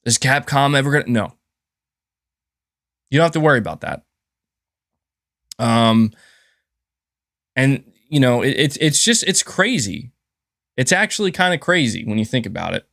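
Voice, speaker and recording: A man's voice: medium pitch, very animated, moderate pace, creaky, long pauses, fairly bright tone, dry recording, studio quality. A man hosting a live stream, giving heated, profane commentary and reading out chat messages. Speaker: livestream host.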